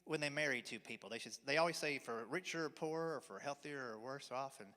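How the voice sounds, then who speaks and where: A man's voice: medium pitch, quick pace, bright, forceful tone. A man in his forties doing a folksy stand-up routine, telling family stories with a drawl in a church hall. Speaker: stand-up comedian. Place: church hall, live audience. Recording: reverberant hall.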